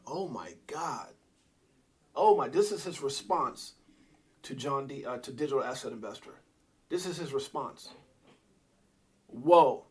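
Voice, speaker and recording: A middle-aged man hosting a live crypto stream, talking to his chat in an excitable, rambling way. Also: mid-range voice, normal speed, long pauses, slightly rough. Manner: excitable, rambling, talks to chat and reads out posts. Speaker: crypto livestream host. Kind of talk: casual live commentary.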